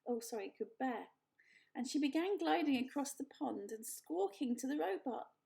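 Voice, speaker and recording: A woman reading a children's book aloud, gentle and unhurried, easily correcting her own slips. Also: high-pitched, lively intonation, vocal fry. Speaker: storyteller. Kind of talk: children's story read-aloud.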